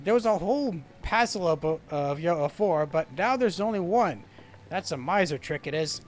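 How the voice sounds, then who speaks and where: A man's voice: high-pitched, animated, moderate pace, slight background noise. Rowdy drunken sailor, rambling braggart in old sea talk, read by a man doing the voice, game dialogue. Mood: boisterous. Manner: rough sailor dialect, rambling and boisterous.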